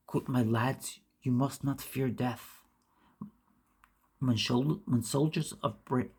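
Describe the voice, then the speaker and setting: Gravelly, husky woman reading an essay. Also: rumbling low, dark tone. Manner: emphatic, restarts misread words. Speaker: reader. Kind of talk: reading a classic essay aloud.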